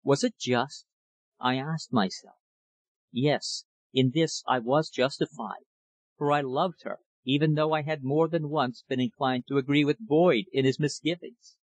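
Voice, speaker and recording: A man reading a novel aloud as an audiobook narrator, measured and steady. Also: mid-range voice, no echo, poor audio. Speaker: audiobook reader. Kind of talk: scripted narration.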